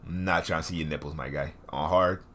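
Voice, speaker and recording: A young man hosting a casual reaction video, animated and laughing, repeating his words as he comments. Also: rumbling low, a little fast. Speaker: host.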